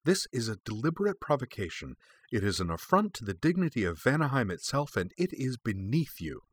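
A man's voice: medium pitch, very animated, a little fast, slightly rough, pitched above the performer's own voice. A man voicing a cold, hissing god prince. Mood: cold anger. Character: proud, stern male god prince.

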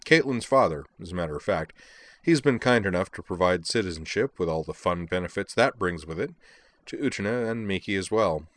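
A man's voice: low-pitched, animated, fairly quick. A man reading a breezy, offhand fixer. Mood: airy. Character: young man, airy and nonchalant fixer.

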